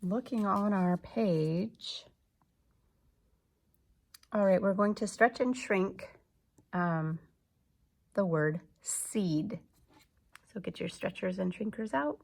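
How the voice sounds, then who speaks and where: Slow, patient woman teaching phonics. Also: medium pitch, vocal fry. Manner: slow, patient, sounding out letters. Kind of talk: early reading lesson for young children.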